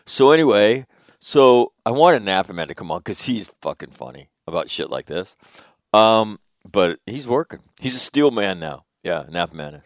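A middle-aged man from Northern California hosting a radio show, telling a long, rambling, profane story with lively quoted asides. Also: lowish voice, unhurried, no room sound, studio quality. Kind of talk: casual storytelling monologue.

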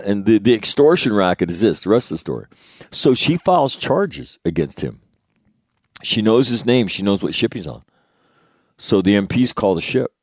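Deep-voiced profane man storyteller. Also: darkish tone, no echo. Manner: profane, rambling, frequent fillers and restarts. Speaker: former Marine officer. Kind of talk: casual storytelling.

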